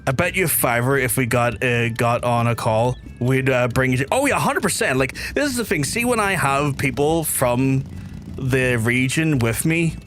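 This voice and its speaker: A young man from Belfast with a softened Belfast accent, chatting and rambling to his viewers while he streams a game. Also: mid-range voice, expressive, moderate pace, faint music behind. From Northern Ireland. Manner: rambling, chatty, reads chat aloud. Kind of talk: casual game stream chat.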